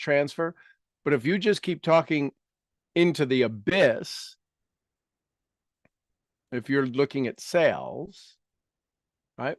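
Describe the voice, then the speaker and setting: A man leading a self-help talk, guiding listeners through exercises and asking rhetorical questions, with his loudness rising and dropping. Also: medium pitch, no echo, clean studio sound. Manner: rhetorical questions, repeats phrases for emphasis. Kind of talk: coaching talk with guided exercises.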